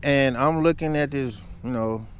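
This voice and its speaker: A man's voice: medium pitch, moderate pace, slight background noise. A man vlogging, telling a story in a heated, emphatic rant.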